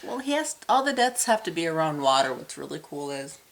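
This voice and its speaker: Female co-host, very low voice, dry teasing delivery, corrects her partner. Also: sing-song, a little fast, gravelly. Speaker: podcast co-host. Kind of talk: casual movie review chat.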